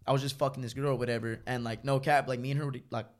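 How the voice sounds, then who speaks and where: A young man casually telling a long, profane story, rambling and animated. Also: mid-range voice, racing.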